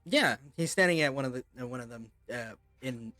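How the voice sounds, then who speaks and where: A man's voice: mid-range voice, lively intonation, fairly quick, sharp tone, faint music behind. A man running a tabletop game as game master, describing scenes in a loose, meandering way.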